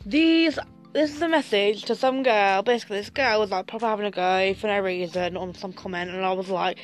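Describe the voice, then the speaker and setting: A woman's voice: medium pitch, fairly quick, faint music behind. A young woman chatting casually to camera, sassy and gossipy, swearing freely. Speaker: vlogger.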